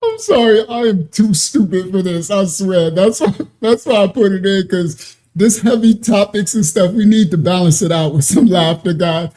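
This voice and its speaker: A man's voice: high voice, expressive, normal speed, few pauses, dark tone. A man hosting casual commentary, giggly and self-mocking. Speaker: host.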